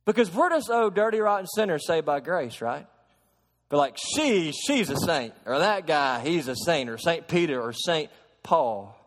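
A man preaching a sermon to a congregation, shifting from soft explaining to loud, emphatic preaching and asking them questions. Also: on the high side, expressive, a little slow. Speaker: pastor. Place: church sanctuary. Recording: long hall reverb.

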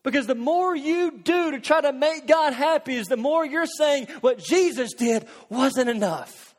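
Earnest high-voiced male preacher, hall reverb. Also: lively intonation, a little slow. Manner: earnest, asks rhetorical questions, drops to hushed intensity. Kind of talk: sermon.

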